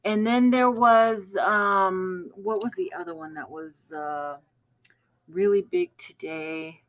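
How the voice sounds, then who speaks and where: A woman chatting on a podcast, brisk and a little exasperated, her voice at a middle pitch. The sound comes through somewhat muffled and lo-fi, as from a remote connection. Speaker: podcast co-host. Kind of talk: casual podcast chat.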